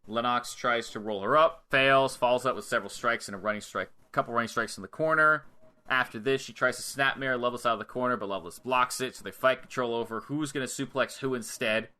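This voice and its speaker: A man's voice: medium pitch, fast talker. A young man co-hosting a podcast, casually recapping a wrestling match blow by blow and acting out what the wrestlers say. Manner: animated play-by-play with acted-out quotes and swearing. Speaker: podcast co-host.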